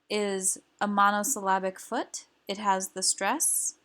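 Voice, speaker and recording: Woman, teacher, recorded lesson, slow careful explaining, middle pitch. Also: flat delivery, a bit bright. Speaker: language teacher.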